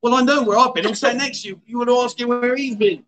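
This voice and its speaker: Bright, chatty host. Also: male voice, very high-pitched, steady tone, quick pace, poor audio. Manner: chatty, teasing, coaxing. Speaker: livestream chat show host. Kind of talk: casual chat. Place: outdoor bar.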